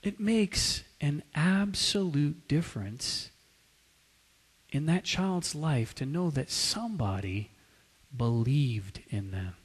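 A man preaching a sermon, swinging from loud, urgent passages to hushed, quiet asides. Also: fairly high pitch, lively intonation, slow pace, breathy edge, in a large hall. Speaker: pastor.

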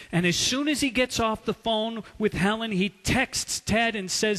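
A male preacher telling a story in a sermon, dramatic, swinging between loud and hushed. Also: high voice, a little slow, hardly any pauses. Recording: long hall reverb.

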